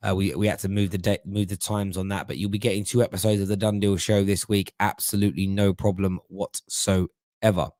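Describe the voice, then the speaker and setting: A middle-aged man hosts a live stream in a casual, chatty way, often tripping over and repeating words mid-thought. His voice sits fairly low, and the recording is dry and close with little room sound. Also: flat delivery, a little fast, darkish tone, no room sound. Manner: chatty, stumbles and repeats words while thinking. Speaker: host of a football fan live stream. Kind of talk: casual live-stream chat reading viewer comments.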